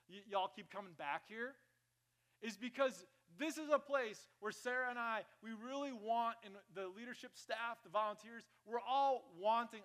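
A male pastor preaching a conversational, joking sermon in church, with sudden loud bursts. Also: sits high.

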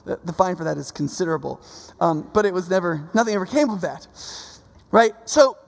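A man preaching a sermon in a conversational, animated way, often checking in with the audience with "right?" and acting out quoted voices. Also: sits high, brisk, creaky. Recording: long reverb.

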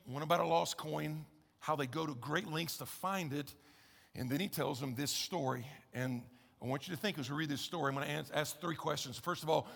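A man's voice: fairly high pitch, gravelly, fairly bright tone. A man preaching a sermon as pastor, conversational and emphatic, repeating key phrases with wry humor. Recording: echoey church hall.

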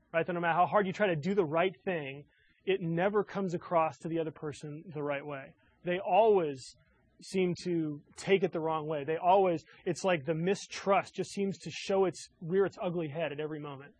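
A man's voice: high voice, no room sound, low-quality recording. A male pastor preaching a sermon in an earnest way, asking his listeners many rhetorical questions.

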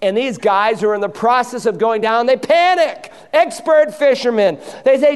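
A man's voice: extremely high pitch, normal speed, few pauses, smooth, long reverb tail. A man preaching a sermon from a church pulpit, driving his points home and acting out the voices in the stories he tells. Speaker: pastor. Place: church sanctuary.

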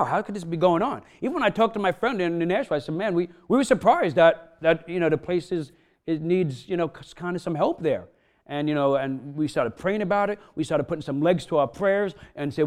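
Male pastor, slightly high voice, casual sermon with emphatic builds.

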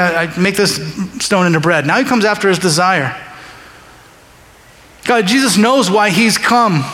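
High-voiced preacher in a reverberant church. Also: male voice, fairly bright tone. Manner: conversational, emphatic, repeats key phrases. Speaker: pastor. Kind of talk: sermon. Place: church sanctuary during a service.

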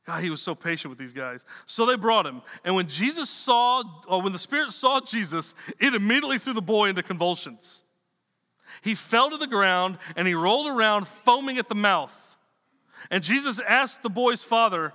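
A man's voice: a little high, animated, moderate pace, pushed and bright. A man preaching a sermon in a loose, conversational way, repeating words and dropping slangy asides. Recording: long reverb of a hall.

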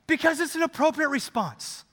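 Man, pastor, preaching, animated, conversational, very high voice, long hall reverb. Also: normal speed. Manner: animated, conversational, acts out scenes. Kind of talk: sermon storytelling.

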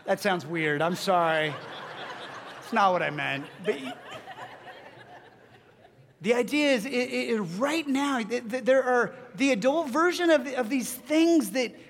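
A middle-aged man preaching a sermon, telling a family story with halting restarts and joking asides. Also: very high-pitched. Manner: animated storytelling with self-deprecating asides. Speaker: pastor. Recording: long reverb of a large hall.

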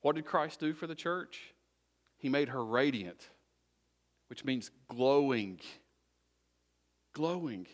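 A man's voice: mid-range voice, lively intonation, slow pace, long pauses. A middle-aged man preaching a sermon as a pastor, talking conversationally and repeating short exhortations.

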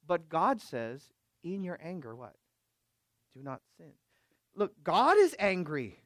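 Male pastor, high voice, dry close sound; emphatic preaching that swings loud and quiet, keeps asking the congregation questions. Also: big pitch swings, slow, no echo. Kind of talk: sermon.

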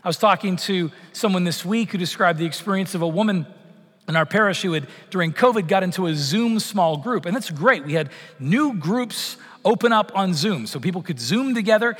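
A man's voice: high-pitched, animated, fairly quick, fairly bright tone, husky, big-room sound. A middle-aged man from Canada preaching a conversational sermon to his congregation, with many fillers and restarts. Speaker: pastor. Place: church sanctuary.

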